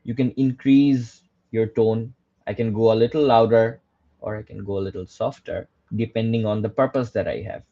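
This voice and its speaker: A man's voice: lowish voice, fairly even intonation, normal speed, dark tone. Man with a Bangladeshi accent lecturing. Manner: asks himself rhetorical questions and answers them, tags lines with "right?"; mixes in Bengali phrases. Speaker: guest speaker at a public speaking workshop. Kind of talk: workshop lecture. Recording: dull lo-fi recording.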